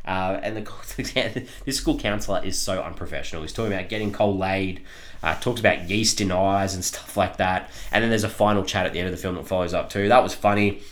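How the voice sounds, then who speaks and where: A man's voice: low voice, brisk. A man co-hosting a podcast, reviewing a film in casual chat, rambling with lots of ums and frequent laughter. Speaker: podcast co-host reviewing films.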